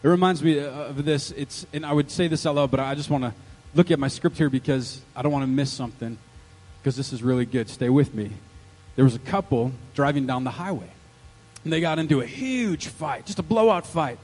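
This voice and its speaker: A male pastor preaching a sermon in an animated, joking way, quizzing the congregation with questions. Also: fairly high pitch, a little fast, big-room sound. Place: church sanctuary.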